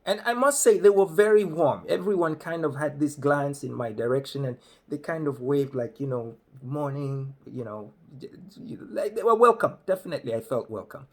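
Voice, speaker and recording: A man's voice: a little high, animated, brisk. A man from Africa with an African English accent, telling a comic story conversationally and acting out the voices of the people in it. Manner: conversational, acts out other voices. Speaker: comedic storyteller. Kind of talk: comedic storytelling.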